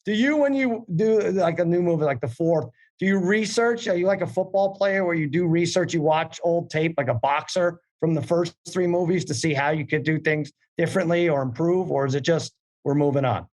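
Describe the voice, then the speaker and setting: A male host with a slightly high voice, joking around with his guest. He tells stories playfully and lively, with a teasing edge. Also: brisk, few pauses. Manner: playful, joking, animated storytelling. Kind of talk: casual interview chat.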